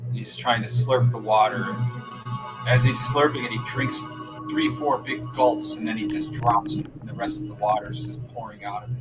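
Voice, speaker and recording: A man narrating as game master, describing scenes in an unhurried, descriptive way. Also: on the low side, steady tone, rough recording. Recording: music playing behind.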